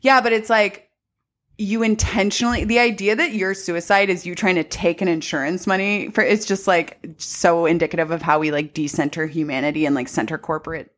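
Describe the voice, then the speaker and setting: A woman's voice: lowish voice, fairly even intonation, fairly quick. A woman co-hosting a podcast, recapping a movie in casual, sarcastic, profane chat. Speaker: podcast co-host.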